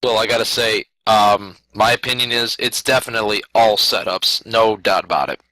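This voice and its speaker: A man's voice: on the low side, normal speed, pushed and bright, no echo, rough recording. A man co-hosting a podcast preview, making sarcastic wisecracks in casual chat. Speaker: podcast co-host.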